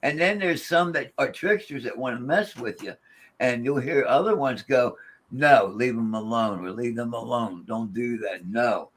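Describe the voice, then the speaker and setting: A man in easygoing conversation who rambles and restarts his sentences, often slipping into quoted voices. His pitch sits right in the middle for a man. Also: normal speed, fairly bright tone. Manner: rambling, with many restarts, quoting spirits. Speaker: paranormal investigator. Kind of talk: casual chat.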